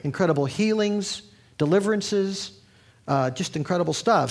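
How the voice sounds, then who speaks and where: A man preaches a sermon in a conversational, teaching way. His voice sits slightly high with a gravelly rasp, and he drifts into asides and restarts as he explains. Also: animated, moderate pace. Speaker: pastor.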